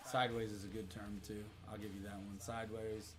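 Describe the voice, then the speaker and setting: A man in his thirties hosting a livestream, telling a story in a loose, profane, animated way. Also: fairly low pitch, a little fast. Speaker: livestream host. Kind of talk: casual storytelling to a live chat.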